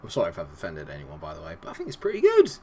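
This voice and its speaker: A man's voice: deep voice, huge pitch swings, racing, mellow, husky. A man hosting a game video, giving chatty, enthusiastic, self-deprecating commentary. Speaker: gaming video host.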